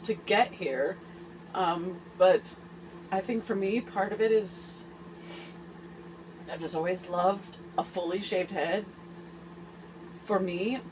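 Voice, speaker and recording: A woman in her forties hosting a candid personal vlog, talking earnestly and haltingly with many fillers and restarts. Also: lowish voice, noisy background. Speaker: host.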